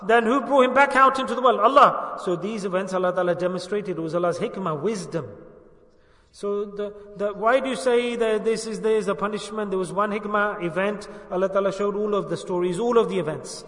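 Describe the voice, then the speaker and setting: A man preaching a religious sermon, who asks his listeners questions, answers them himself and urges them to say the answer loudly. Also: sits high, a little fast, echoey room, in a large hall, far from the mic. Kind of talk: religious sermon with call-and-response.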